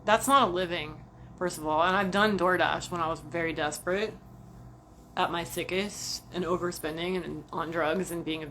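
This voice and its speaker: A woman ranting casually to camera about work, profane, animated and self-mocking. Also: on the low side, moderate pace, a little hiss or hum. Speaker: vlogger.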